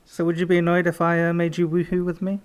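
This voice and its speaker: A man's voice: a little high, completely flat delivery, fast talker, clean tone. A man co-hosting a casual podcast, teasing his partner in a playful way and laughing often. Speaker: podcast co-host.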